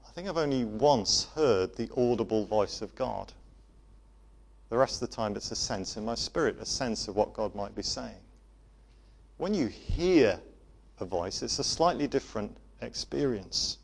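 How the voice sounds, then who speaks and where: A man preaching a sermon to a congregation, gentle in manner, often dropping to a soft voice for emphasis. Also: mid-range voice, expressive, unhurried, gravelly. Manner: gentle, varies loudness for emphasis, drops to soft tones.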